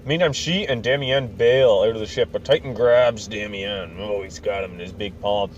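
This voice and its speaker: A man's voice: lowish voice, moderate pace, highs cut off, a little hiss or hum. A man hosting a podcast, casually retelling a game's story in a rambling, joking way with lots of fillers. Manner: rambling and joking, many fillers, acts out quotes. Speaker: podcast host. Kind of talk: casual recap of a video game story.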